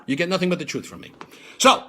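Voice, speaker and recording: A New York comedian hosts a comedy show on a live stream, delivering a stand-up routine with punchy timing and laughing at his own lines. His voice is high-pitched, bright and pushed, very animated, and he talks at a quick pace.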